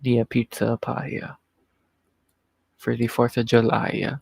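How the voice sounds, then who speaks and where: A man's voice: medium pitch, completely flat delivery, a little slow, creaky, darkish tone, husky, no echo, rough recording. A man hosting a livestream in casual, profane, rambling chat, chuckling often. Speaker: livestream host.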